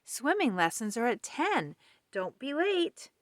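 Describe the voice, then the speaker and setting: A woman's voice: fairly high pitch, sing-song, slow, no room sound, clean studio sound, voice pushed up. A woman voicing a bossy male otter who coaxes his friend to swim, in a storybook reading. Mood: coaxing. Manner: bossy, encouraging. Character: pushy male otter, eager swimmer.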